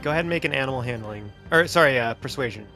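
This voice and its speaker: A man's voice: mid-range voice, animated, rapid-fire, over loud music. A man running a tabletop game as dungeon master, narrating loosely with restarts and laughs.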